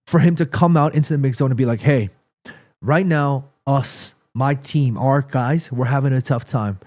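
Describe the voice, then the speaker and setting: A man with a fairly high voice hosts a casual livestream chat. He is from New York City and talks eagerly, on and on. He sounds tired and a bit under the weather. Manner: talkative, excitable opinion talk. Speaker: livestream host.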